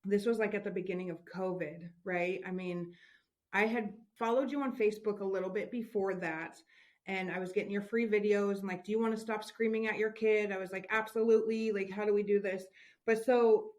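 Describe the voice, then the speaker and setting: A woman's voice: medium pitch, fairly even intonation, a little fast, a little mellow. A woman from Washington state, a parent and podcast guest, telling her story candidly and earnestly. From Washington state, USA. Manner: candid, earnest, close to tears at times. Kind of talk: emotional personal storytelling.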